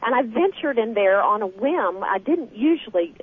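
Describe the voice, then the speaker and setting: A woman guest telling a story with lively, animated energy in a radio interview, heard over the phone. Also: on the high side, normal speed. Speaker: guest author. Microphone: telephone. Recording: tinny phone line.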